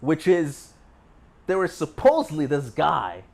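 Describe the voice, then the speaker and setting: A young man spinning a brash, boastful story, peppered with curses and fillers. His voice sits a little high and leaps up and down animatedly as he rambles along. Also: big pitch swings, measured pace, creaky, darkish tone. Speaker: vlogger. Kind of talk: casual storytelling.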